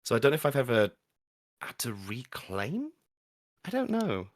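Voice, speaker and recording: A man's voice: medium pitch, huge pitch swings, normal speed, crowd noise. A man from Wales with a mostly neutral English accent and a slight Welsh tinge, talking thoughtfully with some hesitation. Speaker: audio drama maker. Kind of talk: casual panel chat.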